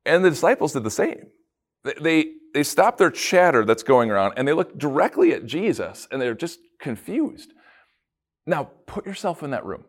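A man, a pastor, giving a casual devotional talk with animated storytelling and playful asides. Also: a little high, normal speed.

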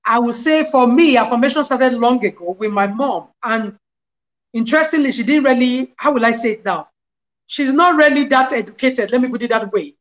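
A middle-aged woman, a guest on a video call, telling lively personal stories and quoting scripture. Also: on the high side, normal speed, lo-fi sound. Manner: animated storyteller, quotes scripture. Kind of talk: casual interview, personal testimony.

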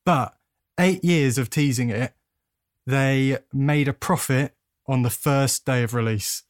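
A man's voice: medium pitch, slow, dry recording, clean studio sound. A man in a casual podcast chat, teasing his friends and laughing at his own jokes.

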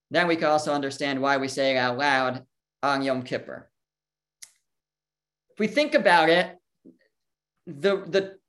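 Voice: mid-range voice, a bit bright. Teacher reasoning aloud through a Torah lesson. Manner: thinks aloud, poses questions and answers them; mixes in Hebrew terms and translates them.

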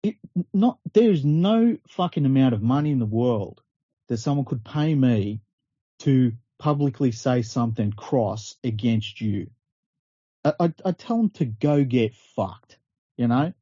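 A man on a sports podcast, incredulous and earnest, with frequent curses. His voice is very dark and husky, and the dull lo-fi audio is dry, with no room sound. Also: mid-range voice, expressive, unhurried, dry recording. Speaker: podcast co-host. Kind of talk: casual podcast chat.

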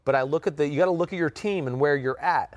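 A man hosting a casual sports podcast, thinking aloud with drawn-out "ooh" sounds and plenty of fillers. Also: on the high side, no room sound. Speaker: podcast host and football analyst.

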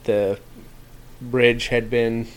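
A man co-hosting a podcast who talks slowly in casual chat and throws in dry wisecracks. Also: mid-range voice, little pitch movement. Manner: slow, drawn-out delivery with dry wisecracks. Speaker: podcast co-host.

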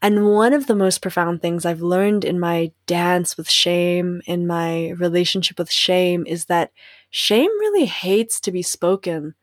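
A woman's voice: on the low side, measured pace, no echo, clean studio sound. A young adult woman hosting a solo podcast, talking in a reflective, candid way, laughing often and acting out the voices in her head. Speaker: podcast host.

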